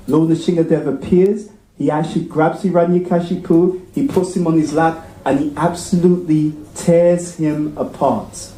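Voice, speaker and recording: A man's voice: a little high, mellow, slight background noise. A man giving a conversational sermon at a temple class, often asking his audience questions. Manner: engaging, asks the audience frequent questions. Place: temple hall. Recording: echoey hall.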